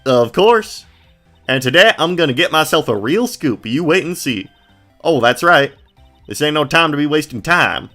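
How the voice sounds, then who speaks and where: A man doing a brash woman photographer from the Southern countryside, pushy and loud. She talks in a folksy drawl full of country slang, pitched high and bright. The voice has the feel of a video game character. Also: wildly swooping pitch, a little slow, creaky, few pauses, faint music behind, heavily acted. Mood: brash excited.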